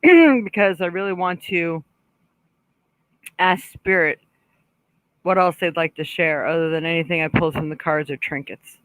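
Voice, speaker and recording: A woman psychic hosts a live stream, chatting casually with viewers, doing card readings, and relaying messages she says come from spirit. She clears her throat often and lets out small laughs. Her voice is deep, and the audio is poor but free of echo.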